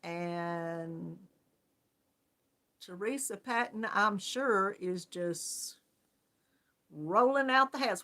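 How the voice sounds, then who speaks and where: A woman's voice: medium pitch, lively intonation, very slow, pauses often, bright, forceful tone. A woman hosting a casual live-stream chat, greeting viewers one by one and laughing often. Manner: chatty, friendly, laughs often. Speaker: yarn crafts channel host.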